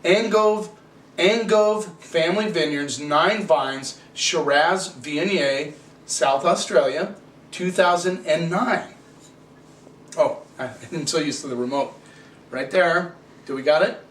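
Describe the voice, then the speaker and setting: Chatty, opinionated male wine reviewer, slightly high voice, caught by a distant camera mic in an echoey room with faint hiss. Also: slow, fairly bright tone. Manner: opinionated, chatty, rants with rhetorical questions.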